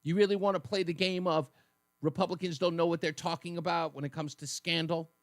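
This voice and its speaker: A male radio host riffs through a combative political monologue, sarcastic and mocking. His voice sits high for a man and comes across dry and close in the studio, with a faint electrical hum underneath. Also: fairly even intonation, a little fast, no room sound. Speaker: radio talk show host.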